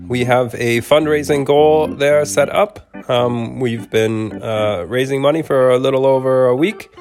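Podcast host with a cold, slow and relaxed, home studio, faint music behind. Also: male voice, mid-range voice. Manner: relaxed, with fillers and soft laughs. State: has a cold. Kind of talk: casual appeal and storybook narration.

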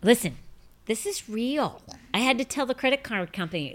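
A middle-aged woman hosting a show, telling rambling, self-mocking stories in a bubbly, casual chat and breaking into high laughing fits. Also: expressive, fairly quick. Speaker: host.

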